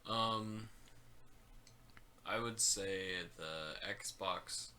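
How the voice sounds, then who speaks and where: A man's voice: fairly low pitch, extremely slow, sharp tone, slight background noise. A man co-hosting a casual gaming podcast, hedging and trailing off into "like" and "I don't know.". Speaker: podcast co-host.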